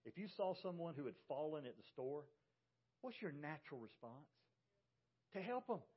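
A man's voice: on the high side, very animated, moderate pace, slightly rough, highs cut off. A middle-aged man, a pastor, preaching a sermon with emphasis and putting rhetorical questions to his congregation. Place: church sanctuary.

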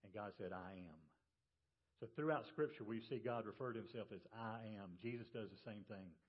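A male pastor preaching a sermon to his congregation in a relaxed, storytelling way. He drops his voice low for quoted words. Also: fairly quick, breathy edge, dull audio. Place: church service.

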